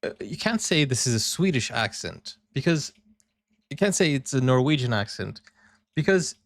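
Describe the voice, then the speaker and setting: A man's voice: medium pitch, dry recording. A man hosting a reaction video, chatting and explaining how sounds and accents differ. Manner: chatty, explains language points to viewers. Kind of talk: casual reaction commentary.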